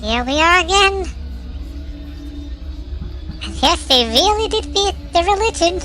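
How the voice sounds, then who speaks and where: A woman streams a game live and reacts with dry, wry remarks. Her voice is very high and bright, and she talks at an unhurried pace. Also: expressive, faint music behind.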